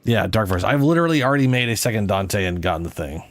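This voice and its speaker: A man's voice: on the low side, lively intonation, fast talker, dry recording. A man streaming a game in casual chat, sleep-deprived and rambling, cursing now and then.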